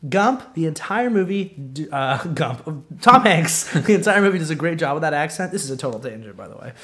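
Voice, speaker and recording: A man with a voice pitched a little high chats loosely as a podcast co-host. He wanders from one tangent to the next, filling pauses with ums and restarting sentences. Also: animated, pushed and bright. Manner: rambling, drifts into tangents with many ums. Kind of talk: casual chat.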